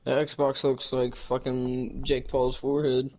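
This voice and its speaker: A man's voice: medium pitch, completely flat delivery, measured pace, slight background noise. A young man in a casual chat with friends, joking, laughing often and swearing freely.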